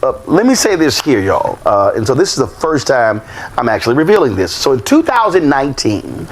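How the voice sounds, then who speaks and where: A man's voice: mid-range voice, fairly quick. A man hosting a talk show, reading out news reports and then telling a behind-the-scenes story. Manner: lively delivery with many uh fillers and restarts.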